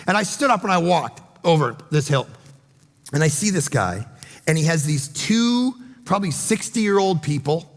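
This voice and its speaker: A man preaching a sermon as pastor, telling stories with animated delivery and acting out other people's lines. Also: fairly high pitch, moderate pace. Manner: storytelling, animated, acts out quotes. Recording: long hall reverb.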